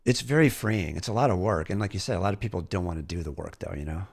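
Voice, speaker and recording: Candid reflective man, lowish voice. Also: fast, gravelly, darkish tone. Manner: candid, reflective, swears casually. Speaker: podcast host. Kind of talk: casual conversational interview.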